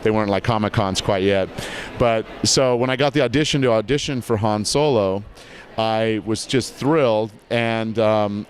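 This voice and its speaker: A man being interviewed outdoors at a convention, telling lively stories about his voice work. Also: on the low side, slight background noise. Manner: lively storyteller, mimics voices in anecdotes. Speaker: voice actor guest. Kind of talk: casual interview chat.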